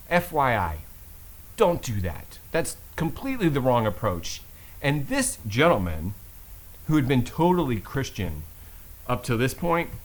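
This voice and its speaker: A middle-aged man telling a story to camera, expressive and swinging between low asides and loud exclaims. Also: rough recording. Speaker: Catholic vlogger.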